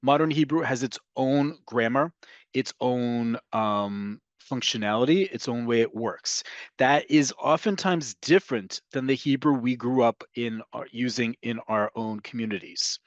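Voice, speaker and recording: A man with a North American accent teaching a language lesson in a patient, explanatory way, often pausing with fillers. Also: mid-range voice, no echo, lo-fi sound. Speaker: Hebrew teacher.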